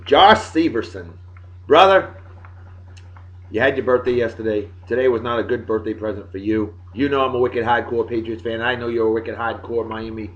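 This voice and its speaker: A man hosting a casual video blog, giving jokey shout-outs to friends in a boisterous way that swings between loud and soft. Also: mid-range voice, normal speed, slight background noise. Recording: dull lo-fi sound.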